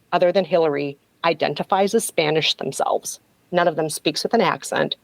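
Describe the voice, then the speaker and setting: Low-voiced woman host telling gossip. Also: creaky, a little mellow, no room sound, rough recording. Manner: gossipy, wry storyteller. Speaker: podcast host. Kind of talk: casual podcast chat, recounting a story.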